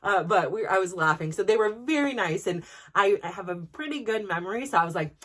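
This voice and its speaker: A woman's voice: mid-range voice, fairly quick. Chatty woman telling a story. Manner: animated, laughing, with frequent restarts. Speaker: podcast host. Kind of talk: casual personal storytelling.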